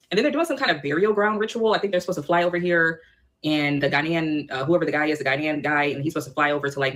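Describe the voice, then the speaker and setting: Fast-talking indignant man. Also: a little high, fairly bright tone. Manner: rambling, restarting, indignant. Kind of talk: casual commentary.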